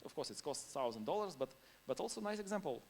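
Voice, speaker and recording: A man's voice: fairly high pitch, big pitch swings, fast talker, darkish tone, slight background noise. Man speaking non-native English at a conference. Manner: laughs between points. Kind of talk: conference talk.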